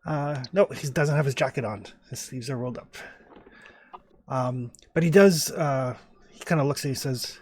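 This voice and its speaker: A man's voice: mid-range voice, moderate pace, a little mellow, husky. A man narrating as game master in a tabletop game, in a loose, rambling way with many fillers.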